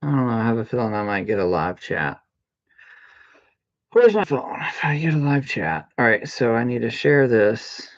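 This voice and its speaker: Guy live streaming, all over the place with his pitch, goofy fake drama, muffled lo-fi audio. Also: big pitch swings, moderate pace. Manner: chatty, mock-dramatic, humming and singing sound effects. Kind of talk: casual live-stream chat while gaming.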